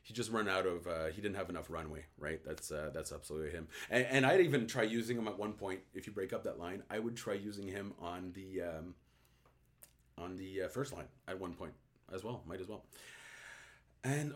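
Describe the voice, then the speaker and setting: Casting note: francophone host, lowish voice, loose chatty delivery, lots of restarts. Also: male voice, a little fast. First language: French. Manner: chatty, reads viewer comments, frequent restarts. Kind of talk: casual live-stream chat.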